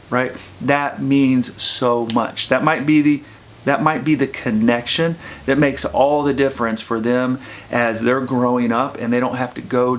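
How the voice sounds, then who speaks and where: A man's voice: mid-range voice, a little hiss or hum. A man, an addiction counselor, talking earnestly to camera and often repeating his phrases as he explains. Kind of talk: earnest advice talk to camera.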